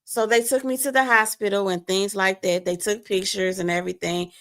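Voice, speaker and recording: A woman with a gravelly edge in her mid-range voice tells her story with feeling. She calls out to her listeners as "you all," and she acts out the other people's words as she goes. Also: medium pitch, steady tone, fairly quick, fairly bright tone. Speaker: guest sharing a testimony. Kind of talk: emotional personal storytelling. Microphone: remote stream mic.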